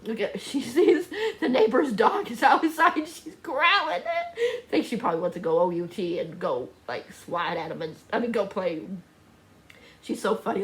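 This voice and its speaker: A woman's voice: fairly high pitch, animated, moderate pace. A woman book vlogger talking casually and emotionally, crying and laughing through tears as she talks to the camera. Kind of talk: casual reading vlog.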